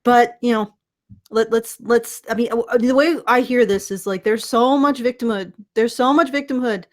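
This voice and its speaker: A woman's voice: a little high, steady tone, moderate pace. A woman hosting a podcast in casual commentary, sarcastic and profane, often restarting her words. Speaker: podcast host.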